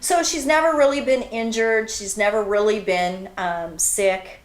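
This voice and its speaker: A woman's voice: medium pitch, a little slow. Chatty middle-aged mother, echoey room. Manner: warm storytelling mother, chatty and reminiscing. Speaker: host. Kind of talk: casual chat.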